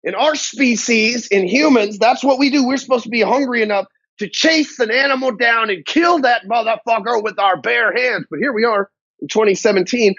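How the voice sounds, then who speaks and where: High-voiced blunt, swearing male business coach. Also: fairly bright tone, no echo. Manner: blunt, heavy swearing, slangy grammar. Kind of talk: profane motivational talk to camera. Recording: dull, dry lo-fi audio.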